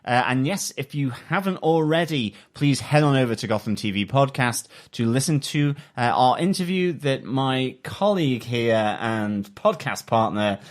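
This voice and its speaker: A man co-hosting a TV review podcast in casual chat, enthusiastic and halting, with frequent fillers. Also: medium pitch, expressive. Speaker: podcast co-host.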